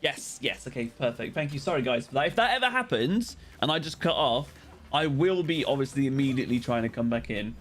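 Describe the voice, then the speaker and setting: A British man chatting casually with viewers while streaming a game, with excited outbursts at the action. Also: medium pitch, a little fast. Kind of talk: casual live-stream chat while playing.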